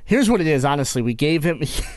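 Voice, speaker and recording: A man co-hosting a casual podcast chat, teasing a friend with lively, exaggerated storytelling. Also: fast, no room sound. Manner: animated teasing, bursts into high squeaky impressions. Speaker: podcast co-host.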